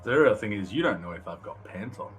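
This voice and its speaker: A man's voice: fairly low pitch, animated, brisk, soft background music. A man playing a tabletop game in casual chat, giggly and swearing freely. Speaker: player.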